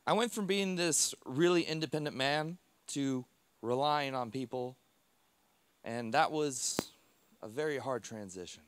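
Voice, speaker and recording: A man giving a personal storytelling talk on stage to a live audience, speaking in a heartfelt way in short, halting phrases. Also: mid-range voice, clean tone.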